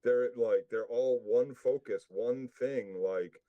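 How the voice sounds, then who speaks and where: A man's voice: mid-range voice, takes it slowly, muffled recording. A man co-hosting a casual recap, blunt and profane in his opinions. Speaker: podcast co-host.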